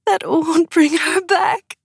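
A woman's voice: very high-pitched, fairly even intonation, slow pace, vocal fry, no room sound, studio quality, voice pushed up, exaggerated voice. A woman voicing a grieving mother in an audiobook, her voice pleading and broken. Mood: anguished.

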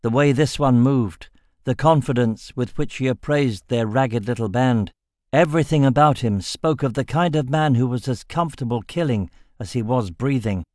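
A man's voice: medium pitch, moderate pace, darkish tone, no echo. Man reading an audiobook, dry close sound. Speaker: audiobook narrator. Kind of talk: scripted narration.

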